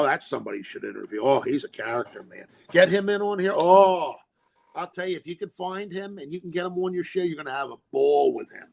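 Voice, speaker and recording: A man being interviewed recalls directing films, acting out quotes and laughing often as an animated storyteller. His voice runs on the high side and has a creaky quality.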